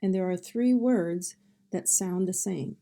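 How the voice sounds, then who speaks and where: A woman's voice: on the low side, unhurried, creaky, mellow. A woman teaching a phonics lesson, sounding out words one sound at a time and then saying each word whole.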